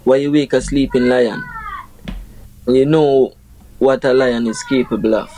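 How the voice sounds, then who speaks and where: A man's voice: medium pitch, fairly even intonation, a little slow, long pauses, dark tone, a little hiss or hum, low-quality recording. A young Jamaican man, a reggae artist, chatting casually in an interview and explaining his lyrics through proverbs with many "you know"s.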